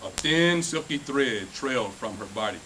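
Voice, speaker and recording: A man's voice: medium pitch, expressive, moderate pace, bright, forceful tone, a little hiss or hum, low-quality recording. A man reading a children's picture book aloud at a school festival, playing up the animal noises.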